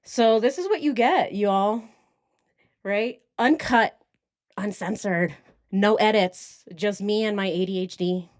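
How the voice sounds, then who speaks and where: A woman's voice: mid-range voice, slow pace, dry recording, studio quality. A woman hosting a casual true crime livestream, rambling off on tangents and now and then putting on mocking voices.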